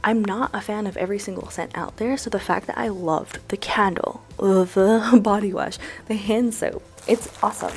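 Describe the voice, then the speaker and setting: A young woman vlogger chatting casually while unboxing gifts, excitable and gushing, saying "like" a lot. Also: mid-range voice, normal speed. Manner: excitable, gushing, says "like" often.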